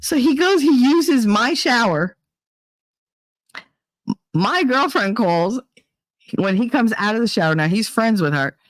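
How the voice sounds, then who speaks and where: A woman's voice: on the high side, animated, unhurried, pauses often, no echo, low-quality recording. A woman hosting a podcast, telling a story in a frank, profane, casual way and laughing often. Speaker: podcast host.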